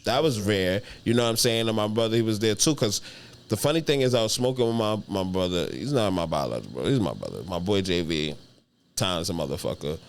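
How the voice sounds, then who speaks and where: A man's voice: fairly low pitch, expressive, fast talker, clear, resonant tone. A young adult man, telling a story as a comedian guest on a podcast in a casual, slangy, profane way. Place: podcast studio.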